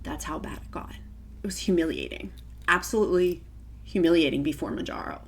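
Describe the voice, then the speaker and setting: A woman vlogger with a slightly low voice talks casually to her camera. She is middle-aged, gushing and emotional, and sounds close to tears at times. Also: expressive, moderate pace, husky. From Virginia, United States.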